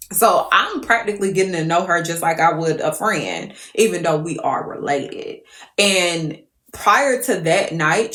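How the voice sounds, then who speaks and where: A woman telling a story to viewers on a live stream, animated and profane. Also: on the low side, echoey room.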